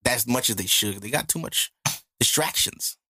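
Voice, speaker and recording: Young man, casual podcast co-host, animated storyteller with a bright, husky voice. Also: medium pitch, normal speed. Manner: animated storyteller who acts out quotes. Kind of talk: casual chat.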